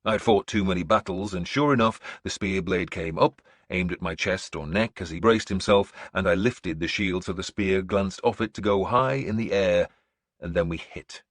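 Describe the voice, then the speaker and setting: Male audiobook reader, low husky voice, grave and measured, dry booth sound. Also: dry recording. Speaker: audiobook narrator. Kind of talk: scripted first-person narration.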